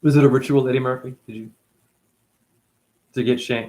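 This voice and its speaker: A man's voice: steady tone, moderate pace, pauses often, dark tone. A man in his forties hosting a rambling, profane livestream talk. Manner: profane, rambling, jumpy pitch swings. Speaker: host.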